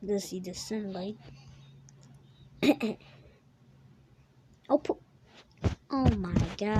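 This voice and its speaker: A young woman giving excitable gameplay commentary, gasping and exclaiming at what happens in the game. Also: medium pitch, very slow, long pauses, noisy background. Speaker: gaming YouTuber.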